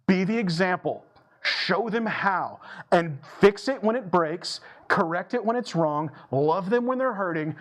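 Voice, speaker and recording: Man, pastor, emphatic sermon, repeats phrases for stress, higher-pitched voice, church sanctuary. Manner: emphatic, repeats phrases for stress, shifts between slow and fast delivery.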